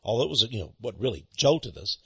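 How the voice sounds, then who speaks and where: Husky, lively male preacher. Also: on the low side, quick pace, no room sound. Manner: folksy storytelling, animated. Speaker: pastor and ministry head. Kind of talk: radio sermon monologue. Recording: dull lo-fi dry recording.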